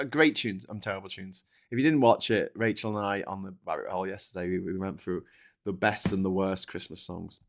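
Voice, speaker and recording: A man's voice: on the low side, fairly bright tone. A man hosting a live stream, chatting casually, joking, swearing freely and reading out viewer comments. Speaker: livestream host.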